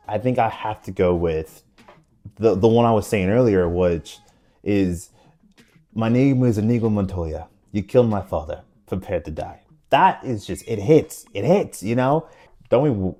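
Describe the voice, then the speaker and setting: A man's voice: deep voice, warm tone. A young man reviewing a film in a casual, enthusiastic, rambling way, often restarting his sentences. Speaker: movie reviewer.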